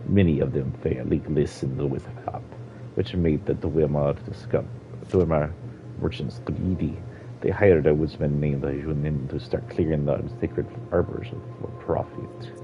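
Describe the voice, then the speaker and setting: Man doing an old lizard-folk woman, put-on Jamaican-style accent, quiet and solemn, deep gravelly voice, dull lo-fi audio. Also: fairly even intonation, a little slow, music in the background.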